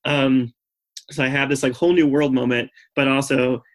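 A man's voice: mid-range voice, level tone, moderate pace. A man telling a personal story as a podcast guest, chatty and candid, with many "like" and "um" fillers. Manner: earnest and candid.

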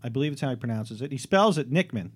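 A man's voice: medium pitch, expressive, very fast. A man hosting a radio show in a studio, joking and rambling with restarts.

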